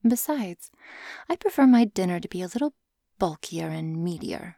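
A woman's voice: on the low side, expressive, normal speed, vocal fry, mellow, no echo, studio quality. A woman reading the lines of a confident, playful female snake-woman who teases and giggles in a storybook. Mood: teasing. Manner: teasing, giggly.

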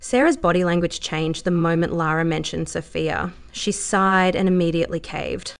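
A woman narrating a story in an even storytelling manner. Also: fairly low pitch, normal speed, vocal fry. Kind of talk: audiobook narration.

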